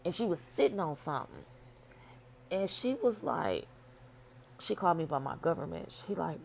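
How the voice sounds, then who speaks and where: Low, gravelly woman telling a story. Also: moderate pace, a little hiss or hum. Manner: blunt, profane, animated. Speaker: vlogger telling her dream. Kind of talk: casual storytelling.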